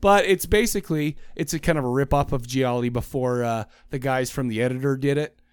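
A man co-hosting a podcast, chatting casually in a rambling, joking way with animated asides. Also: mid-range voice, fairly quick, clean tone, no room sound, clean studio sound. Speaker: podcast co-host.

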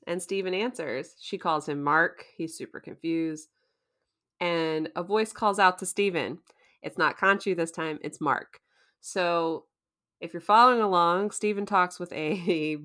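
A woman talks through a recap in a relaxed, chatty way, laughing often. Her voice sits a little low but sounds bright and forceful. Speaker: podcast co-host recapping a TV episode. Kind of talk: casual chat.

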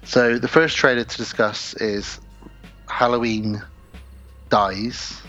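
A man's voice: medium pitch, little pitch movement, takes it slowly, bright, forceful tone, lo-fi sound, soft background music. A man co-hosting a horror podcast, chatting casually, telling stories and acting out quotes, swearing freely. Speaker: podcast co-host. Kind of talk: casual chat.

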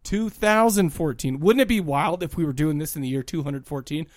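A man's voice: a little high, a little fast, darkish tone, no echo, studio quality. A man co-hosting a podcast, chatting casually and rambling with frequent restarts. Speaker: podcast co-host.

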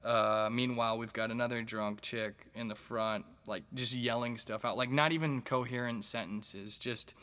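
A man's voice: medium pitch, fairly even intonation, normal speed, hardly any pauses, fairly bright tone. A male stand-up comedian telling stories in a rambling, profane way, with plenty of fillers and restarts. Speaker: stand-up comedian and podcast host. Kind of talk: casual storytelling monologue.

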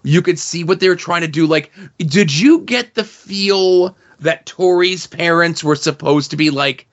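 A podcast host with a slightly high, unhurried voice runs a casual movie review chat, sarcastic and rambling, peppered with "like" and "okay?" asides. The recording has its highs cut off.

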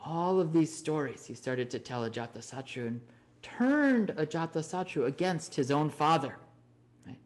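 A man giving an animated storytelling Dharma talk, often checking in with "right?". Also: on the high side, moderate pace. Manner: animated, frequent "right?" tag questions. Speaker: Dharma teacher.

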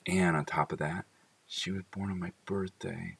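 Very deep gravelly man, fond and rambling. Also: steady tone, moderate pace, fairly bright tone, distant mic. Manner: rambling, full of "like" and laughter. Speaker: father talking about his children. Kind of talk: casual heartfelt monologue.

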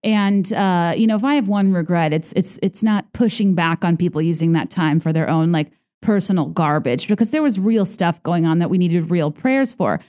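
A woman's voice: moderate pace, few pauses, warm tone. A woman hosting a podcast, telling stories in a chatty, sarcastic way, full of filler words and playful mockery. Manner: chatty and sarcastic, heavy on "like", mimics others in high voices. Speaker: podcast host. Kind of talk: casual podcast monologue.

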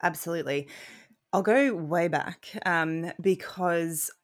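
A woman's voice: on the low side, slow. A woman with an Australian accent tinged with French Canadian, speaking thoughtfully as a guest. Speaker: guest, counselor and movement coach. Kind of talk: conversational interview.

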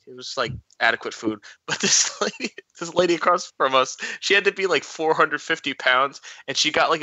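A man's voice: a little high, bright, forceful tone, dry recording, low-quality recording. A young man chatting casually as a podcast co-host, telling stories with frequent giggles. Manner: giggly storyteller, laughs often. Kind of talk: casual chat.

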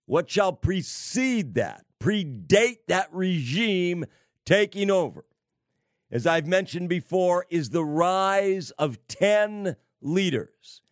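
A man preaching on prophecy, slow and emphatic, with sarcastic asides and wry laughs. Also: high-pitched, lively intonation, no room sound, clean studio sound. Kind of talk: prophecy sermon.

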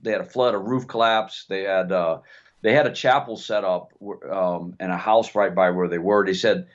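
A man with a low voice tells an animated story in casual chat, stumbling over restarts and repeated words. His voice comes through dull and lo-fi. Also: normal speed. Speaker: co-host. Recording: dull lo-fi sound.

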